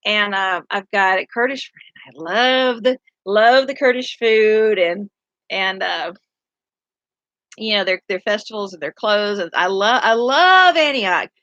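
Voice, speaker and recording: A woman's voice: mid-range voice, steady tone, measured pace, fairly bright tone. A tired middle-aged woman with a drawl talks through her views in a loose, rambling way, circling back and restarting sentences as she goes. The sound is dull and lo-fi, with a dry, close feel and no room echo. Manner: rambling and earnest, many restarts. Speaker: city council candidate. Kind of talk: casual monologue.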